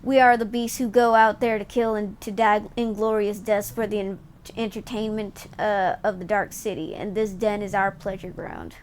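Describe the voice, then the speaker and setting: A woman voicing a scornful, snake-like male alien gladiator leader in a game, reading his lines slowly and haughtily, with faint background noise. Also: medium pitch, steady tone, natural voice. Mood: haughty.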